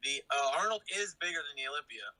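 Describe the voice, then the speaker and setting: Bright, high-voiced man who swears casually. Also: lively intonation, quick pace, poor audio. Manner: blunt, swears freely, laid-back. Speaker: fitness YouTuber guest on a live Q&A. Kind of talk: casual live-stream chat.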